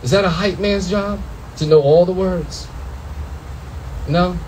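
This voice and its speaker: A young man tells stories on a comedy club stage, loud, animated and full of profanity. His voice sits high for a man, and he acts out other people's voices as he goes. A faint room ambience hums behind him. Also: slow, a little hiss or hum, rough recording. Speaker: stand-up comedian. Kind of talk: stand-up comedy set.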